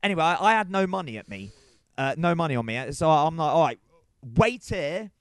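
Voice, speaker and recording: Animated storyteller man. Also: a little high, fast, clean tone, no room sound. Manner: animated, acts out voices in his stories. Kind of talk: casual storytelling.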